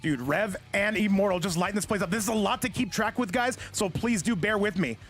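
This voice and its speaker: An excited man hosting and commentating a live fighting-game tournament stream, his voice sitting high. He talks fast, often breaks into shouts, and sounds nearly out of breath at times. Loud game music plays throughout.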